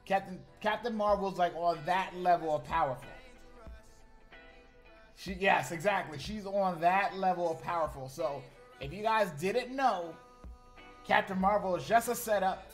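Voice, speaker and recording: Animated slangy male streamer. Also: sits high, measured pace, faint music behind. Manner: animated, slangy, talks to chat. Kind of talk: casual live-stream chat.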